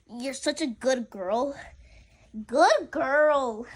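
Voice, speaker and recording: A young woman talks casually to the camera and to her cat, playful and rambling. She often stumbles and restarts her sentences. Her voice sits high for a woman. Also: measured pace, low-quality recording. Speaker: vlogger. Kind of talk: casual vlog chatter.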